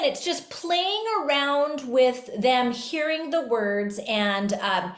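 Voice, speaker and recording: A woman hosts a talk for teachers in a fairly high voice. She explains in a lively, casual way. The room adds a clear echo. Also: slow. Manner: lively, breaks into sung examples. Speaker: podcast host and music educator. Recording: roomy echo.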